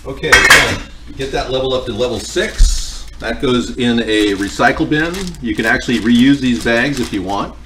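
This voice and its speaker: A man's voice: medium pitch, normal speed, distant mic, noisy background. A man hosting a cooking livestream at home, chatting casually and joking with viewers in a rambling way. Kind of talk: casual chat answering viewer comments. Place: home kitchen.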